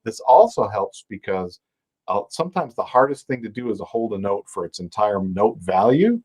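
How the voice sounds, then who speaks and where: A man teaches a live online music lesson on timing over his own dulcimer playing, patiently counting beats aloud, scatting rhythms and singing short bits of a folk song as demonstrations. His voice is lowish, sing-song and slightly rough, with a darkish tone and moderate pace.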